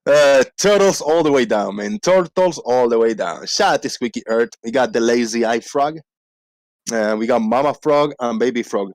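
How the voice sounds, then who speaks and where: A man hosting a casual livestream, rambling playfully and reading out shout-outs to viewers. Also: mid-range voice, moderate pace, dry recording, clean studio sound. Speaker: livestream host. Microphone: desk microphone.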